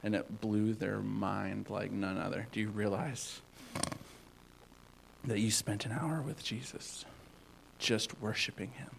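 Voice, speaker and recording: A man giving an informal sermon as a youth pastor, rambling with many fillers and swinging between loud and hushed. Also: fairly low pitch, steady tone, slow, creaky, pauses often, slight background noise, rough recording.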